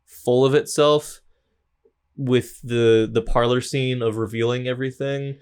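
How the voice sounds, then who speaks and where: A young man co-hosting a movie podcast, joking around with folksy turns of phrase. His voice sits at an ordinary middle pitch for a man. He rambles a bit and restarts his thoughts as he goes. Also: fairly even intonation, unhurried, a little mellow, clear, resonant tone. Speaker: podcast co-host. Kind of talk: casual movie chat.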